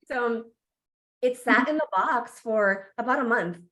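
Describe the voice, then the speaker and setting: A woman podcast guest and coach telling a candid personal story in an animated way, laughing often and acting out her reactions. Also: a little high, normal speed.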